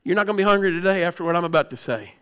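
Middle-aged male pastor, high voice, lively sermon delivery that drops to a near hush, frequent throat clearing. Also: rapid-fire. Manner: animated, swings from loud outbursts to hushed low tones.

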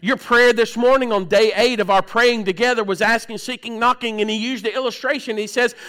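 A male pastor preaching a sermon in a plain, conversational way, swinging between soft and loud passages. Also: extremely high pitch, fairly even intonation, a little fast, clean tone.

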